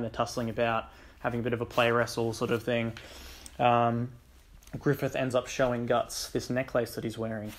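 Rambling young man recapping a manga. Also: medium pitch. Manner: loose, rambling retelling with many ums and likes. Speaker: book and manga reviewer. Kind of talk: casual plot recap.

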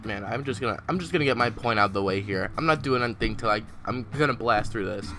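Man, gameplay commentator, low and bright, excitable trash talk, faint game music behind. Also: quick pace, a little hiss or hum. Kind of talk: casual let's-play commentary.

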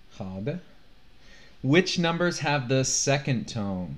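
A male language teacher who talks at a very slow, careful pace. He models each sound deliberately and drills it with the class. His voice sits in an ordinary middle pitch. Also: expressive. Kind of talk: classroom lesson, drilling pronunciation.

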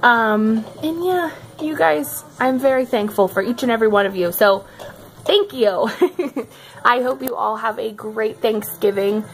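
A woman's voice: fairly high pitch, measured pace, a little hiss or hum. A young woman chatting casually in a home vlog, giggly and full of fillers, filmed on a handheld phone indoors. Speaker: vlogger. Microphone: handheld phone camera.

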